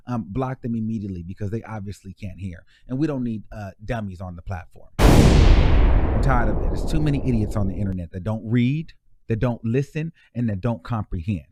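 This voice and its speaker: A man's voice: medium pitch, mellow. A man hosting a live gossip stream with sassy, blunt commentary. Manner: sassy, mock-preaching, blunt. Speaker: host of a live gossip show.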